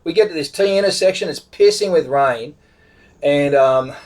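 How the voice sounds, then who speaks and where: A man's voice: fairly high pitch, normal speed, darkish tone. A middle-aged Australian man casually retelling a road trip story, rambling, with many restarts. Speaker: vlogger telling a travel story.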